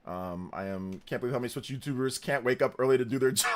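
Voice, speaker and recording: A young man hosting a live reaction stream, chatting in a relaxed, slangy way, humming tunes and laughing often. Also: mid-range voice, quick pace.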